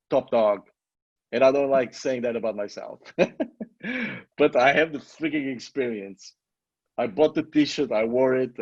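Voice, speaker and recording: A middle-aged man who isn't a native English speaker coaches an online class in a motivational live session, emphatic and repetitive, swearing casually. His husky, slightly rough voice is medium-pitched and a little mellow. The sound is dry, close, echo-free, with no room around it, and dull and lo-fi.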